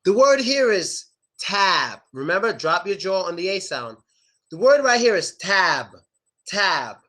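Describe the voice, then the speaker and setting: A young man teaching English pronunciation, repeating words slowly and exaggerating the sounds. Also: high-pitched, sing-song, bright, forceful tone. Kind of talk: online pronunciation lesson.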